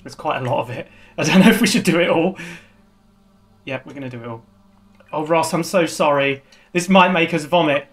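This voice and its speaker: A man's voice: on the high side, a little fast, long pauses, fairly bright tone. A man hosting a comedy hot sauce challenge, talking in a jokey, rambling, theatrical way. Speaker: show host.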